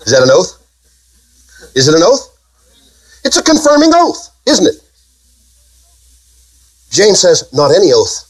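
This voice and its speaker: A man's voice: high-pitched, wildly swooping pitch, takes it slowly, long pauses, poor audio. A man preaching a sermon, emphatic and full of rhetorical questions to his congregation.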